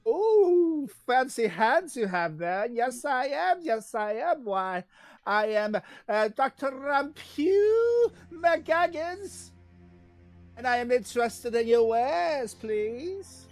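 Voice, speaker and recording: A man voicing a flamboyant doctor adventurer in a put-on accent, loud and theatrical. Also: animated, slow pace, no echo, soft background music, exaggerated voice. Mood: fawning. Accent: fake French-Spanish put-on accent. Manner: high-pitched, loud, theatrical.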